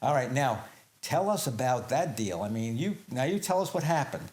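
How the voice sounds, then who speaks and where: A man's voice: mid-range voice, sing-song, moderate pace, darkish tone. A man hosting a talk show interview, emphatic and speaking to the audience as folks. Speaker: host.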